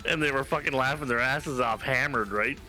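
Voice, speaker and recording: A man from Canada streaming games, chatting casually and telling stories in an animated, profane way. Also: medium pitch, a little fast, faint music behind. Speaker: game streamer. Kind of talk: casual live-stream chat.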